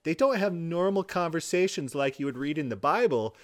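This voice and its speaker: A man's voice: on the high side, lively intonation, brisk. A man giving sarcastic rebuttal commentary with mocking, mock-exasperated outbursts.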